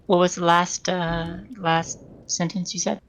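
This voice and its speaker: A woman's voice: fairly low pitch, flat delivery, unhurried, rough recording. A woman taking part in a streamed story reading, chiming in casually with friendly questions. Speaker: co-host listener on the stream.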